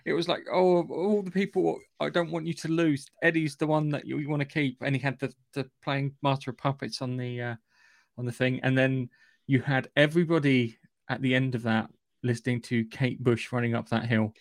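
A man's voice: medium pitch, flat delivery, a little fast, creaky, no room sound. Wry man co-hosting a podcast, dry sound. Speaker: podcast co-host. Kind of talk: casual chat.

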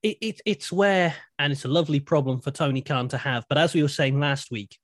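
A man's voice: a little high, brisk, dry recording, studio quality. A man co-hosting a podcast, chatting casually and animatedly, thinking aloud with frequent restarts. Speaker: podcast co-host. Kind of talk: casual wrestling chat.

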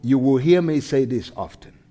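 A man preaching a sermon, animated, swinging from loud shouts to quiet intensity, laughing between lines. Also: medium pitch, moderate pace, soft background music. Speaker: pastor.

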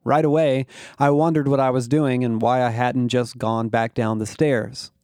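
A man narrating a first-person science fiction story in a wry, measured way. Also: medium pitch, little pitch movement, a little mellow, no room sound, clean studio sound.

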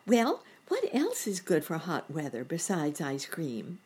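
A woman voicing a young bunny boy in a storybook reading, high and eager. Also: huge pitch swings, measured pace, darkish tone, husky, exaggerated voice. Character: excitable little bunny boy.

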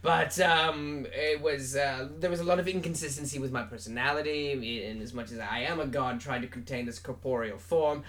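A man playing a pompous male rock singer who claims to be a god, talking loud and grand in a put-on British accent for an improvised comedy interview. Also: medium pitch, moderate pace, hardly any pauses, lightly acted. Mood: grandiose. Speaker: mock interview guest.

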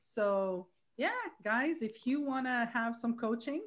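A woman, hosting a casual podcast, chatty and quick to laugh. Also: a little high. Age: 40s. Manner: chatty, laughs easily, trails off. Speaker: podcast host.

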